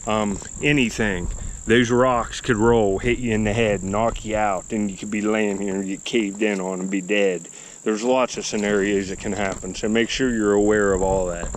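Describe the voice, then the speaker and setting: A man with a fairly low voice talks in a relaxed, rambling, folksy way while he films himself outdoors. He is recorded on a camera mic. Crickets and insects are faintly heard behind him. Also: normal speed, a little hiss or hum, low-quality recording. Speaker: vlogger. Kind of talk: casual outdoor vlog narration. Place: outdoors by a river and an old dump hillside.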